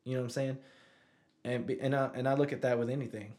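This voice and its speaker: A man's voice: mid-range voice, fairly even intonation, quick pace, a little mellow. Man telling a story in casual conversation. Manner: conversational, repeats "you know what I'm saying". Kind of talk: casual chat.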